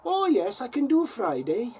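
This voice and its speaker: A bright, sing-song Welsh lady on the council phone line, as a man puts her on in a raised voice. She chirps along helpfully, her pitch climbing high and swooping about. The tone stays husky underneath. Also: huge pitch swings, normal speed, full character voice. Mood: cheerfully helpful.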